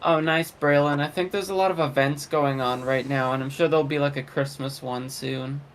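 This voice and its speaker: A man's voice: fairly high pitch, steady tone, moderate pace. A man chatting casually with a friend during a game stream, making easygoing offhand remarks. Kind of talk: casual chat.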